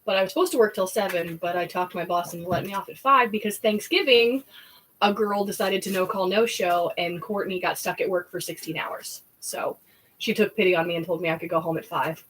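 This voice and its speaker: A woman's voice: fairly low pitch, a little fast, a little hiss or hum. A woman co-hosting a casual live stream, talking and joking while she eats. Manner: joking, talkative. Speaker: co-host.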